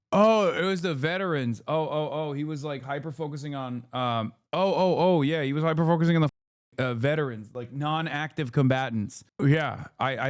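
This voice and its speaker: A man in his thirties streaming, reacting to a video with heated, sarcastic, rapid commentary full of rhetorical questions. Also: on the high side, dry recording, clean studio sound.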